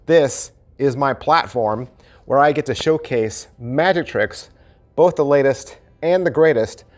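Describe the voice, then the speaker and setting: A middle-aged man hosting a channel, giving a casual, animated review of a magic trick and repeating phrases for emphasis. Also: medium pitch, unhurried. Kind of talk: casual product review to camera.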